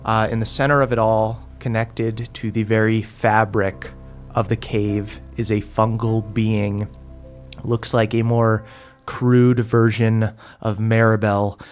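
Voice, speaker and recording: A man narrating a tabletop game as game master, relaxed, with many fillers. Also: on the low side, a little slow, soft background music.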